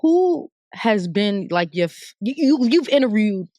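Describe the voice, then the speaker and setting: Brief: casual podcast host, mid-pitched, encouraging, close dry studio mic. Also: sing-song, darkish tone, no room sound. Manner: encouraging, lots of quick affirmations. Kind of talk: casual interview.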